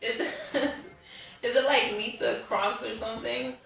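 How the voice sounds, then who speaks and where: A woman's voice: a little high, fairly even intonation, gravelly, pushed and bright. Teasing young woman in an echoey room. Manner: teasing, bossy, quick to laugh. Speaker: family member at dinner. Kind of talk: casual chat. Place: home dining table. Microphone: far camera. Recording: echoey room, mic far off.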